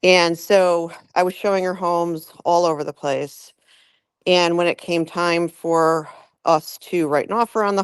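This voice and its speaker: Woman, lowish voice, real estate agent, lively storytelling, video call, dry sound. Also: smooth, no room sound. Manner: animated retelling, acts out quotes. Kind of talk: casual storytelling on a group call.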